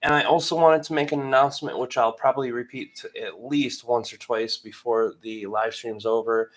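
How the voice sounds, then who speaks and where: Host: man, 30s, from Michigan, upbeat and chatty live-stream greeter, mid-pitched voice. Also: steady tone, moderate pace. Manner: upbeat, chatty, reads out viewer names.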